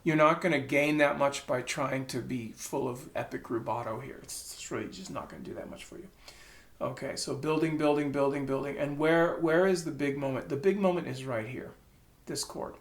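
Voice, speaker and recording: A man's voice: mid-range voice, moderate pace, gravelly. A man giving a casual piano lesson, thinking aloud and stopping to sing notes and syllables. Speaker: piano teacher. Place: room with a piano. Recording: roomy room with piano playing.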